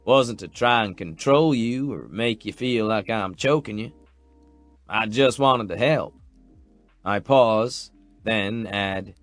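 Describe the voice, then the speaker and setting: A man's voice: lowish voice, slow pace, a bit bright, dry recording, soft background music. A man narrating a first-person romance audiobook in a tender, earnest, protective way.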